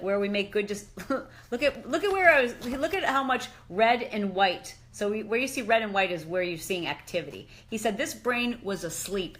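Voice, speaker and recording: A middle-aged woman on a casual live chat, excited and exclamatory, slipping into slangy asides. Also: mid-range voice. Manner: animated and exclamatory, often says "dude". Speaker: fitness and lifestyle expert.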